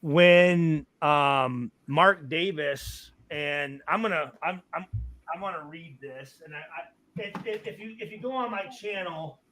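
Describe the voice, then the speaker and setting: A man's voice: fairly high pitch, slow, a bit bright. A man hosting a casual chat, a former football player who speaks bluntly with curses and stammered restarts.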